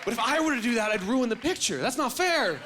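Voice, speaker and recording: A young man doing a stand-up comedy set on a club stage, animated and self-mocking, acting out voices, with an audience laughing loudly. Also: very high voice, fast talker, over a noisy crowd, heavy background noise.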